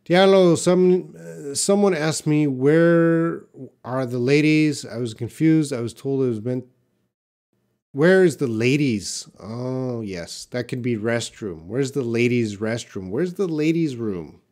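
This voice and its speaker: Slow-paced English teacher man. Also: mid-range voice, a little mellow. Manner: patient, explains with short example sentences. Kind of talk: live Q&A lesson, reading viewer comments.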